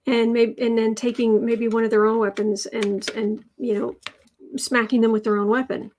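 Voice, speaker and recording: A woman's voice: on the high side, little pitch movement, moderate pace, darkish tone. A woman hosting a casual livestream tarot reading, chatty and rambling as she reads out viewer comments. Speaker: tarot reader and channel host.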